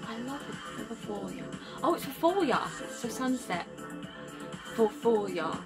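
A young woman hosting a reaction vlog, gushing breathlessly, sighing and slipping into soft whispers as she talks. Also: on the high side, very animated, measured pace. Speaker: reaction video host. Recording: faint music behind.

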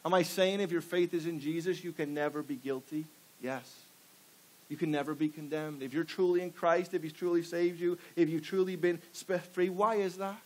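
Guy preaching in church, kinda high voice, keeps asking the crowd questions, punchy delivery. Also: steady tone, moderate pace, darkish tone, poor audio. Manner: fires rhetorical questions at the congregation; emphatic, call-and-response preaching. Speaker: pastor. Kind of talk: sermon. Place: church before a live congregation.

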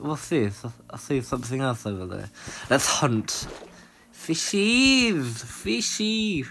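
A young man giving rambling, excitable commentary while playing a video game. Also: gravelly. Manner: excitable, rambling, jumps to high squeals. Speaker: gaming channel host. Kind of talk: casual let's-play commentary.

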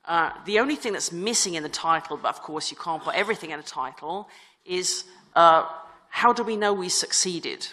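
A woman's voice: on the low side, expressive, normal speed, pushed and bright. A woman giving a conference talk in a chatty, self-deprecating way, with many fillers and restarts. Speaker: conference speaker. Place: conference hall. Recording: reverberant conference hall.

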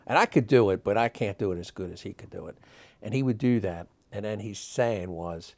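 A man in his sixties, a magic historian, telling stories in an interview, animated and rambling with many fillers and restarts. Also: on the low side, brisk. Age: 60s. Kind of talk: interview storytelling.

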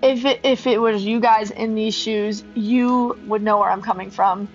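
A woman hosting a gaming channel, telling a casual story in a rambling, animated way with lots of ums. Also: mid-range voice, normal speed, highs cut off, faint music behind. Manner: rambling, animated retelling with many fillers.

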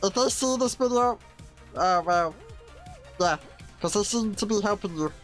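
A woman's voice: mid-range voice, animated, moderate pace, soft background music, close to an everyday voice. A woman voicing Stitch, a small mischievous blue alien, giggling and cheering while gaming. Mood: excited. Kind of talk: playing a character while gaming.

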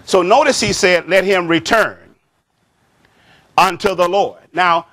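A man preaching a sermon as pastor, slow and emphatic, repeating phrases and saying "amen" often. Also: high voice, fairly bright tone.

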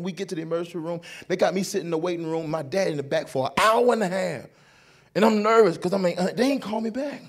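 A young adult man doing stand-up comedy at a church, telling a story in an animated, playful way. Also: sits high, breathy edge.

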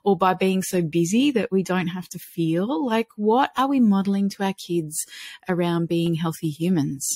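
A middle-aged woman, a guest on a podcast, explaining calmly and earnestly, often acting out what a parent might say. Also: on the low side, moderate pace. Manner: warm, earnest, explains with acted-out examples. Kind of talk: podcast interview.

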